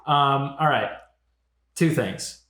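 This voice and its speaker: A man's voice: mid-range voice, takes it slowly, echoey room. A young man co-hosting a casual podcast, telling stories with lots of swearing and filler likes. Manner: animated storytelling, frequent swearing and filler likes. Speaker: podcast co-host. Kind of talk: casual chat.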